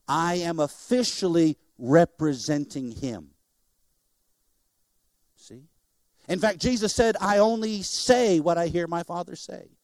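A middle-aged man, a missionary preacher, giving an animated sermon in church and joking with the congregation. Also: high-pitched, no echo, studio quality.

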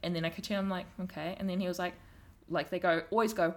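A woman with a strong New Zealand accent speaks in a casual conversation, her voice sitting a little low. She tells her stories frankly and with emphasis. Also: fairly even intonation, fast talker. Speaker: guest.

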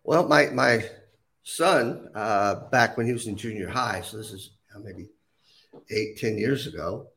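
A middle-aged podcast guest tells stories in an interview, animatedly acting out other people's voices. He speaks at a measured pace in a lowish, creaky voice.

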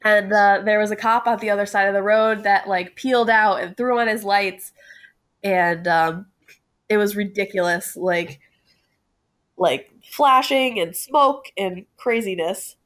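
A woman guest, a cosplayer from Connecticut, telling a story in an animated way and laughing often. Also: mid-range voice, a little slow. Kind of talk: casual podcast chat.

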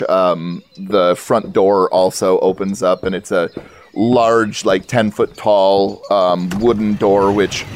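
A man narrating a tabletop role-playing game as game master, halting with many fillers. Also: on the low side.

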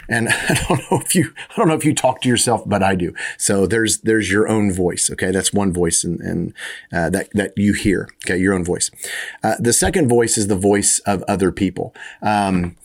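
A man with a fairly low voice teaches a sermon in an easygoing, conversational way. He often circles back, repeating words and restarting phrases as he works through his point. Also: normal speed. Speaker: preacher.

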